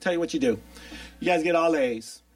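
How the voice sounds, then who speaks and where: Wry middle-aged comic heard from afar. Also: male voice, on the high side, fairly quick, no room sound. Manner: dry, wry storytelling. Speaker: stand-up comedian. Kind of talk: stand-up comedy routine. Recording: dry, distant mic pickup.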